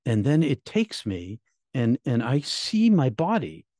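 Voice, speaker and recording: A middle-aged man and minister recounting his near-death experience in an emotional, halting way, repeating words, his voice climbing high at painful moments. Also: wildly swooping pitch, dark tone, no echo, clean studio sound. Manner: halting, repeats words, voice rising high when reliving pain. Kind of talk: emotional personal storytelling.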